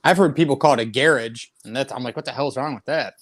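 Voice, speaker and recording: A man's voice: medium pitch, rapid-fire. An American man chatting as a guest on a casual livestream, laughing easily.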